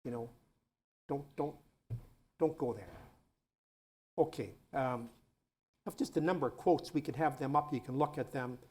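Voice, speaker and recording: A man's voice: medium pitch, normal speed, pauses often, darkish tone. A man, a priest, giving an informal talk to students, telling earthy stories in a conversational way and tossing in "you know" often. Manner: earthy, chuckles between points.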